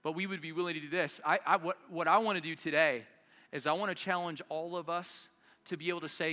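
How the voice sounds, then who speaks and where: A man's voice: on the high side, fairly even intonation, quick pace, bright, forceful tone, long reverb tail. A man preaching an impassioned sermon as pastor at a church service, urging his congregation forward. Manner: impassioned preaching, urgent rallying calls. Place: church service in South Denver.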